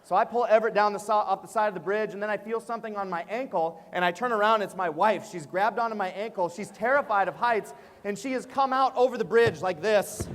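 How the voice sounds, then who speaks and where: High-voiced man telling a story in a hall. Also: brisk, hardly any pauses. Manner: animated storyteller, frequent "uh" and "right?". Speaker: education speaker and author. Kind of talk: storytelling keynote to teachers. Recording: long reverb of a large hall.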